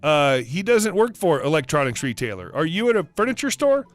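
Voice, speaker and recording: A man voicing a calm, unimpressed store manager talking on the phone in a dry, matter-of-fact way. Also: on the high side, fairly quick, faint music behind.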